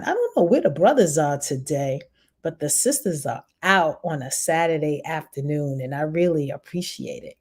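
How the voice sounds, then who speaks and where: A woman with a New York accent talks fast and chats casually, encouraging her viewers like an online business coach. Her voice sits a little low and sounds mellow and relaxed. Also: slightly rough. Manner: fast-talking, encouraging, chatty. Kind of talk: casual live-stream talk to viewers.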